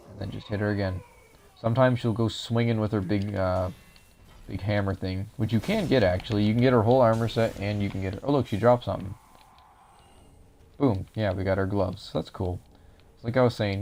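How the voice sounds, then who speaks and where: Low gravelly-voiced man narrating gameplay. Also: slight background noise. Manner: relaxed, explanatory, talks viewers through each step. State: voice drying out. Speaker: game walkthrough narrator. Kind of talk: casual gameplay commentary.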